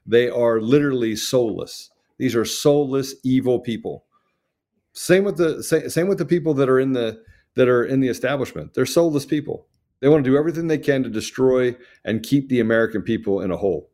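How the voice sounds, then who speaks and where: A man's voice: mid-range voice, a little fast, darkish tone. A man co-hosting a political talk show, speaking emphatically with stammering restarts. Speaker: co-host.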